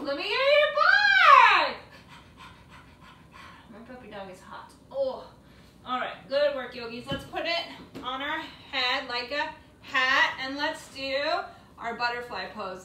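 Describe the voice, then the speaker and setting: Woman, kids' yoga teacher; high, slow, playful and encouraging; distant, roomy recording. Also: pushed and bright, slight background noise. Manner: sing-song, encouraging, playful. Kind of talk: guiding a children's yoga class. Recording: echoey room, mic at a distance.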